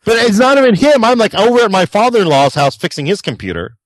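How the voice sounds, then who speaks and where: A man co-hosting a podcast, telling his stories with a lively, swooping voice. He slips into impressions of the people in them and swears without holding back. The sound is dry and close, with no room echo. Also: high-pitched, fast talker. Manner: animated storyteller, acts out quoted people, swears freely. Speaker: podcast co-host. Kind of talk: casual podcast banter.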